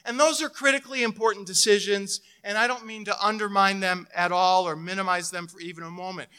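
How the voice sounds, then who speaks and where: A middle-aged man preaching a sermon as pastor, telling a personal story and swinging between loud emphasis and hushed, intimate moments. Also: high voice, fairly even intonation, a little fast, clear, resonant tone.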